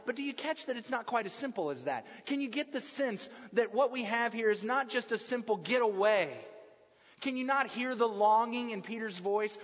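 A man preaching a sermon to a congregation. He is emphatic, building to loud passionate peaks and then dropping to hushed tones. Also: very high voice, normal speed. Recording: dull lo-fi sound with long hall reverb.

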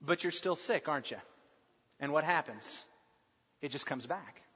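A pastor preaching a sermon in a conversational, humorous way that often slips into mimicking people. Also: male voice, on the high side, lively intonation, normal speed, pushed and bright, husky. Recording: dull sound with long hall reverb.

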